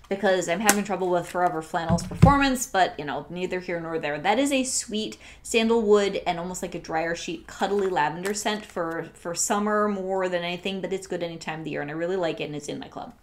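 Gushing chatty woman reviewing products. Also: lowish voice. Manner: gushing and chatty, drifting into soft near-whispers. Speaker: scent consultant and channel host. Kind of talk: casual product review vlog.

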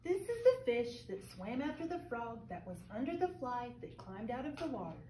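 A woman's voice: fairly high pitch, very animated, normal speed, dark tone, a little hiss or hum. A woman who is a librarian reading a picture book to children, cheery and encouraging them to join in. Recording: roomy echo.

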